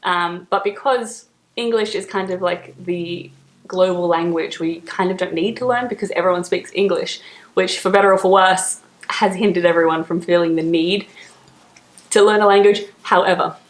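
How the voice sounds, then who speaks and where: A young Australian woman chatting casually to camera as a vlogger, laughing often and filling pauses with "like". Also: lowish voice, roomy sound.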